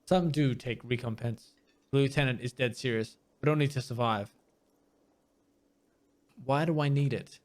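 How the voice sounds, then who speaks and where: Pausing often at a moderate pace, a medium-pitched man hosts a let's play. He reads the game's lines plainly, inserts wry remarks, and now and then fumbles hard words.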